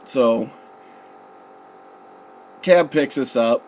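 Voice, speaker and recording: A young man casually telling a story, profane and relaxed, quoting people with "I'm like" and "he goes.". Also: medium pitch, extremely slow, a little hiss or hum. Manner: profane, laid-back, quotes others with "I'm like" and "he goes". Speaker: storyteller recalling his recruit days.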